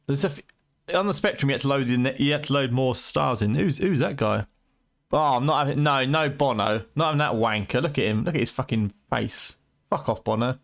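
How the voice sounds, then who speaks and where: A man with a British accent hosts a late-night game stream from home, bantering with his chat and swearing freely. His voice sounds tired and worn from the long night, sitting at an ordinary middle pitch. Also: a little fast, creaky. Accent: British English. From United Kingdom. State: tired, voice going.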